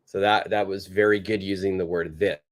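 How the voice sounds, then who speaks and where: A man teaching a live online English lesson, patiently repeating example sentences in a clear, careful way. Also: low-pitched, fairly even intonation, moderate pace.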